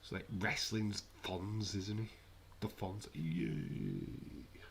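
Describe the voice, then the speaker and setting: A man's voice: lowish voice, flat delivery, slow, a bit bright, slight background noise. A man hosting a live wrestling watch-along, chatting casually with sarcastic, rambling asides.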